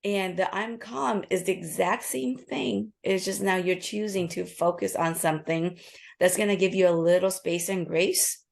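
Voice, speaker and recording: A woman being interviewed as an author and nurse practitioner, explaining a calming method in a quick, earnest, instructive way. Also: lowish voice, gravelly. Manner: acts out inner voices in quoted asides.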